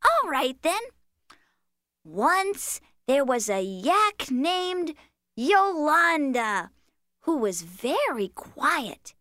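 A woman's voice: high-pitched, big pitch swings, very slow, bright, forceful tone, no echo, studio quality, heavily acted. A woman voicing a patient, playful cartoon critter who tells a bedtime story in a sing-song, coaxing manner. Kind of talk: children's cartoon voice acting.

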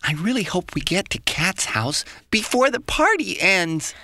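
A woman's voice: on the low side, sing-song, measured pace, sharp tone, dry recording, studio quality, full character voice. A woman voicing an anxious companion of a vole in a children's educational audio story, urgent and worried.

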